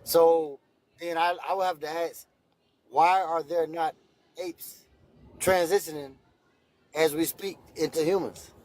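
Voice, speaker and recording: A man's voice: fairly high pitch, fairly even intonation, slow pace, long pauses, darkish tone. A man in his fifties calling into a live debate, friendly and stammering with repeated words. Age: 50s. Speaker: caller. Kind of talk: casual debate call.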